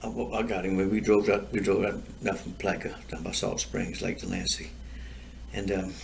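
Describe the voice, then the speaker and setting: An older man with a low, gravelly voice tells rambling stories, circling back over the same lines and chuckling at his own punchlines. He talks in a loose, easy chat recorded outdoors, with a faint hiss of noise underneath. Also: huge pitch swings, moderate pace. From Florida. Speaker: storyteller guest. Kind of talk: casual storytelling chat.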